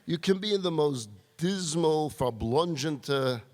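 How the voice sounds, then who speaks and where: A man, a rabbi, telling a story in a sermon and acting out its dialogue with lively shifts. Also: a little high, unhurried. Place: large hall at a retreat. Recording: long hall reverb.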